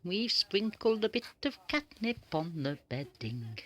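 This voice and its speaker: A woman's voice: fairly low pitch, sing-song, unhurried, fairly bright tone. A woman casually filming her cat at home, talking in a playful, singsong way, chuckling and tacking questions onto her remarks. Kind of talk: casual home video commentary.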